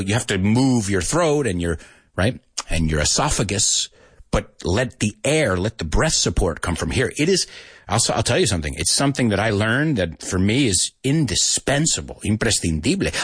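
Animated, husky-voiced male teacher. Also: lowish voice, normal speed, no echo, studio quality. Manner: animated, explains with demonstrations. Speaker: host and English teacher. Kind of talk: teaching podcast talk.

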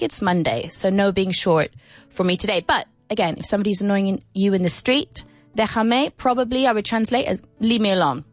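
A woman hosts a casual lesson on the radio, chatting and breaking down expressions. Her voice sits at a middle pitch and sounds dry and close, with faint music underneath. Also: no room sound. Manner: chatty, explains phrases, spells words out. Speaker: radio English teacher and show host. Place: radio studio.

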